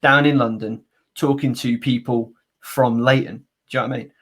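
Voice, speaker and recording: A man from North Wales hosting a basketball podcast, chatting casually in an animated, teasing way and correcting himself as he goes. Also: medium pitch, normal speed, husky. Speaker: podcast host. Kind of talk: casual interview chat.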